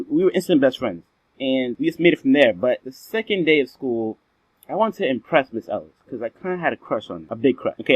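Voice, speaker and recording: A man's voice: mid-range voice, no echo. A man telling a funny childhood story in a casual, boastful, slangy way, with playful exaggeration. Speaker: vlog storyteller. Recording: dull lo-fi dry recording.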